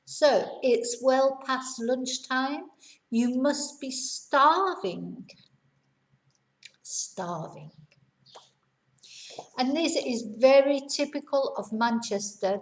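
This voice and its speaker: A woman, patiently teaching a vocabulary lesson and explaining each word with examples. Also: a little high. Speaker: English teacher. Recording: roomy echo.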